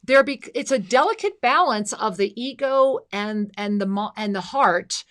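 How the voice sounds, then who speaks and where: A woman's voice: medium pitch, animated, normal speed. A woman hosting a live spiritual call-in show, speaking in an effusive, blessing-filled way and calling listeners endearing names.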